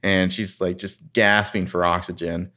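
A man's voice: deep voice, little pitch movement, measured pace, sharp tone. A man hosting a podcast, recapping a TV episode in a casual, rambling way with crude humor. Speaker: podcast host.

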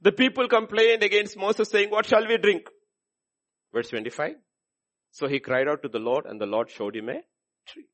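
This sermon comes from an expressive man speaking at a moderate pace. His style is emphatic and repetitive, ranging from loud exhortation to a low, intense delivery.

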